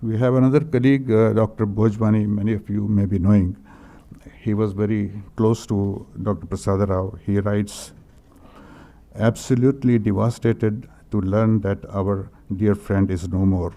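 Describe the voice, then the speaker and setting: Older man reading tributes haltingly. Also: fairly low pitch, steady tone, dark tone. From India. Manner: hesitant, many fillers, clears throat often. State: emotional. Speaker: speaker at a memorial tribute. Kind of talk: reading condolence messages aloud.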